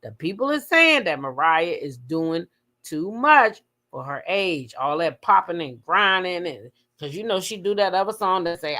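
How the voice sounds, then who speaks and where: A woman hosting a casual gossip livestream, talking with her chat, swearing freely and breaking into high shrieks as she retells her reactions. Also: lively intonation, normal speed, sharp tone. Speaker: livestream host.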